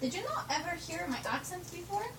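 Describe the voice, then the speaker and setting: A woman's voice: extremely high pitch, expressive, brisk, a crowd in the background, voice pushed up. A young woman putting on a giggly foreign-accented persona in broken English, filmed at home. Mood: playful. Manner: broken grammar with stray "to the", giggly. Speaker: roommate. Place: home room. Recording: noisy home video from a distance.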